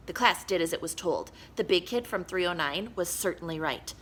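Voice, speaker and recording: Expressive woman reading a children's story. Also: on the low side, moderate pace, a little hiss or hum. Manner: expressive, animated. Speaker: children's book reader. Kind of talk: storybook read-aloud.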